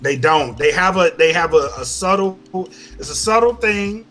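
A man with a Louisiana accent rants on a casual podcast, cussing hard and repeating himself for emphasis. His voice sits a bit high and sounds bright and forceful. It swings widely in pitch as he talks. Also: expressive, moderate pace, soft background music. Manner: profane, emphatic ranting with many repeats. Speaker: podcast co-host.

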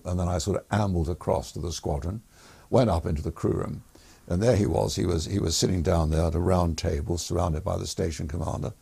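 A man's voice: sits low, vocal fry, warm tone, breathy edge. An older man, a former air force pilot, telling stories in an interview in a rambling, hesitant way. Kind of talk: anecdotal storytelling in a podcast interview.

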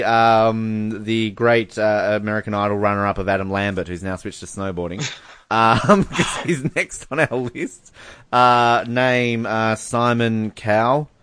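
A man's voice: lowish voice, sharp tone, smooth, no echo. A man co-hosting a casual podcast, joking and laughing often as he reads out fan messages. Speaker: podcast co-host. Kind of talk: casual chat.

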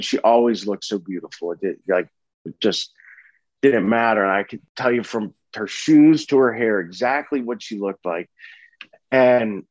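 Guy in his 30s telling his story, kinda low voice, stops and restarts a lot, dry close sound. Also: no room sound, muffled recording. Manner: halting, earnest, frequent restarts and fillers. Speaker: interview guest sharing a personal story. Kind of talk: candid personal storytelling.

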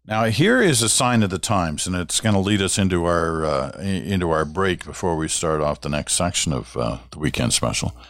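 With a low-pitched voice and lively intonation, an older man from Canada hosts a radio talk show at normal speed with few pauses. The studio-quality audio has no echo. He gives a casual monologue, warmly telling stories and reading listener letters aloud.

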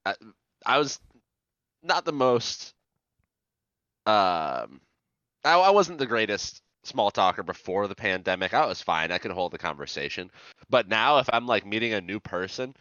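A man's voice: lowish voice, expressive, measured pace, bright, forceful tone, no echo. A young man co-hosting a podcast, talking in a hesitant, self-deprecating casual chat. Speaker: podcast co-host. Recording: dull lo-fi mic.

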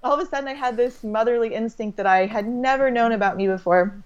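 A holistic doctor in her thirties talks fast in a casual, faith-filled conversation, rambling with restarts and phrases that trail off. Her voice is fairly high and clean, though the lo-fi audio sounds slightly dull.

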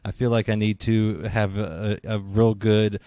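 A man hosting a casual interview over a video call, easygoing and quick to laugh. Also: lowish voice, flat delivery, dark tone, no room sound. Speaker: show host.

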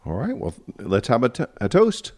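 A man's voice: medium pitch, wildly swooping pitch, normal speed, a little mellow. A man hosting a casual beer podcast in an easygoing way, laughing often between lines. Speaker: podcast host.

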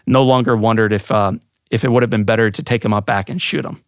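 A man's voice: on the low side, steady tone, fast, no room sound, clean studio sound. A man hosts a podcast, telling a personal story in an earnest, emotional voice. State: voice thick with emotion. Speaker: podcast host.

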